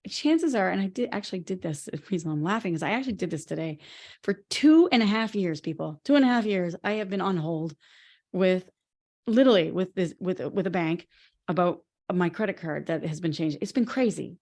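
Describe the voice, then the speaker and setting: A woman co-hosting a podcast in casual conversation, telling lively stories and laughing often. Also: on the low side, brisk. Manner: animated, laughing storyteller. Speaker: podcast co-host.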